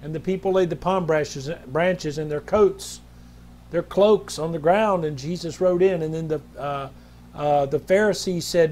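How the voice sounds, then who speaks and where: A man's voice: on the high side, steady tone, normal speed, a little mellow. A man preaching a fervent sermon, breaking into hallelujahs and praise. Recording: roomy, music in background.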